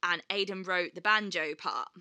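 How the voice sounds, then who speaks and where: A woman chatting on a podcast with a bright, forceful voice. She tells stories animatedly, jumps into other people's voices and swears freely. The sound is dry and close. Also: lowish voice, moderate pace, smooth, no echo. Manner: animated storyteller, acts out quotes, swears freely. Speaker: podcast co-host. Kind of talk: casual chat.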